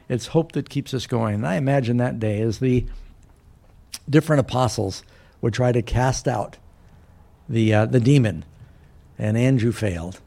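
A man's voice: mid-range voice, moderate pace, creaky, pauses often, warm tone. A man preaching a sermon, retelling a Bible story and briefly voicing its characters. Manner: storytelling, voicing biblical characters with varied emphasis.

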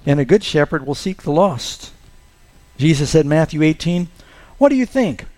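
Storytelling pastor with a fairly high voice. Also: male voice, a little mellow. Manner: storytelling, acts out quoted lines in a raised voice. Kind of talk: sermon.

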